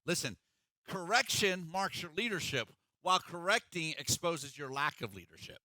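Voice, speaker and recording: A man's voice: fairly high pitch, lively intonation, normal speed, pushed and bright, dry recording. A middle-aged man preaching a sermon as pastor, in an emphatic, conversational way.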